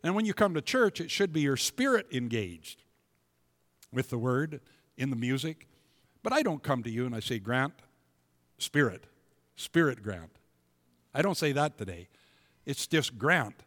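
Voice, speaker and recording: A man preaching a sermon in a church, emphatic and building to loud, declaiming passages. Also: mid-range voice, sing-song, normal speed. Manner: emphatic, rising to loud proclamations. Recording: long hall reverb.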